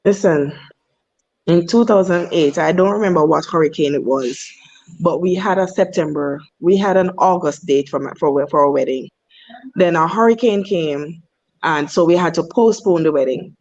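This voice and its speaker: A woman guest telling a personal story in a casual, animated way, laughing at times. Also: on the low side. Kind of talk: casual storytelling over a call. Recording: muffled remote headset line.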